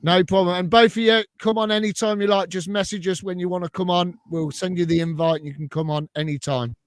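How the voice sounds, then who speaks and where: A man's voice: high-pitched, fairly even intonation, fast talker, dry recording. A man hosting a live stream chat, upbeat and plugging events. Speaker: host of a fan channel live show.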